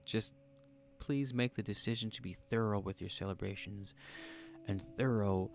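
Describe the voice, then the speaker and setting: A man's voice: lowish voice, fairly even intonation, moderate pace, faint music behind. A man hosting a livestream, chatting casually and jokingly as he reads out viewer comments. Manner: laid-back, joking, thinking aloud. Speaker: livestream host.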